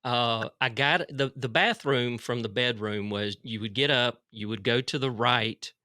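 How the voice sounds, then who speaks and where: A man's voice: medium pitch, measured pace, sharp tone, no room sound. A man co-hosting a podcast, telling stories in a dry, understated way in casual chat. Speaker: podcast co-host.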